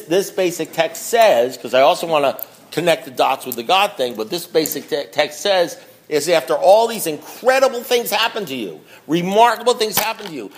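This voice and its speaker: Reading from a book at a recovery meeting, a man delivers a blunt, emphatic talk and repeats himself to drive points home. He swings between quiet low asides and loud preaching.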